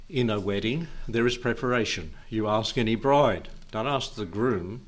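During a church service, a pastor with a middling pitch preaches to the gathering in an easy, conversational tone. He chuckles softly between phrases and slows to read scripture with rising emphasis.

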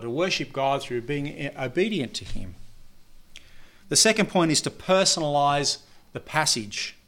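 A man giving a sermon-style teaching at a middle pitch. He speaks in a measured and earnest way, with frequent pauses, fillers and restarts as he works through his points. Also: a bit bright. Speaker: preacher.

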